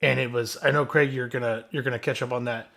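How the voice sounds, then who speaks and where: A man co-hosting a relaxed podcast, his voice at a plain middle pitch. He talks with enthusiasm in long stretches. He often turns to his co-hosts and calls them by name. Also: fast, gravelly. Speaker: podcast co-host. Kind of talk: casual chat.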